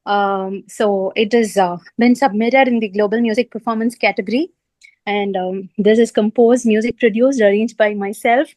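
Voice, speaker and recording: A woman composer and singer on a video call, out of breath at a railway station, talking haltingly with many fillers and apologies. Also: mid-range voice, steady tone, a little mellow, no echo, poor audio. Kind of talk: video call panel talk.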